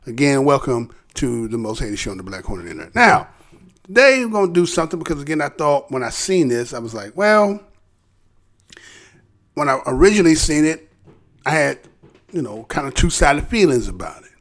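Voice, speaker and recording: A man's voice: medium pitch, very animated, brisk. A man hosting his own commentary channel, talking loosely with many fillers and tag questions. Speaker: channel host. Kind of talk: casual news commentary.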